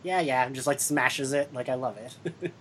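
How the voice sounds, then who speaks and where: This podcast host chats casually with fans, giggling often and quoting scenes in quick bursts. The voice sits at a middle pitch. They lead the talk and hand the mic from guest to guest. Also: steady tone, slightly rough. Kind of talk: casual fan chat.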